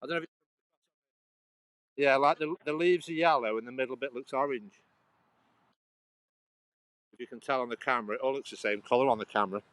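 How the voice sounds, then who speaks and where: A man's voice: medium pitch, brisk, pauses often, fairly bright tone, no room sound, rough recording. A man hosts a casual walking livestream outdoors, talking into a handheld phone. He rambles in a loose, friendly way and keeps chatting to his viewers by name as he goes. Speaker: livestream host. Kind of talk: casual live walking vlog. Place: outdoors on a canal towpath.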